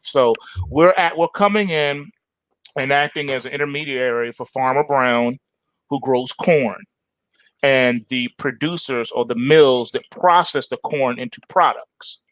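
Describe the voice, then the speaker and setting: A man hosting a trading show, explaining markets in an animated, casual way. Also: mid-range voice, no room sound. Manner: animated, storytelling.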